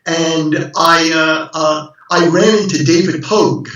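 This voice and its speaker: A man's voice: a little high, fairly even intonation, takes it slowly, fairly bright tone. A man guesting on an interview show, talking earnestly with many hesitant fillers. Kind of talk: casual interview chat. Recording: distant mic with heavy echo.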